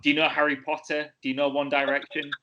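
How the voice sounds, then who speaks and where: A man's voice: on the high side, monotone, fast talker, dull audio, slight background noise. A man with an English accent hosting a casual wrestling podcast interview, joking and laughing often. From England. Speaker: podcast host.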